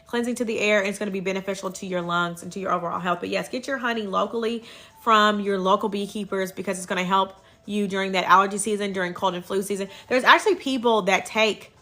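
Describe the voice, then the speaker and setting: Woman, bright voice, casual livestream host, chatty, upbeat, phone mic. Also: mid-range voice, quick pace. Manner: chatty, thanks viewers mid-sentence, upbeat. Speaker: herbal wellness livestream host.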